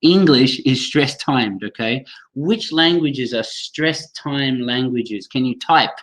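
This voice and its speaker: A man's voice: mid-range voice, takes it slowly, a bit bright, poor audio. A man leading a live online training for teachers over a computer mic, chatty, reacting to viewers' comments and often restarting his sentences.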